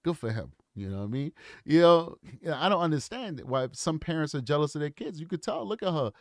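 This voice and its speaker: A man's voice: on the high side, animated, fairly quick, no room sound, studio quality. A man in his forties giving casual, opinionated commentary straight to his viewers. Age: 40s. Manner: opinionated, talks straight to the audience. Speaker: true crime commentator.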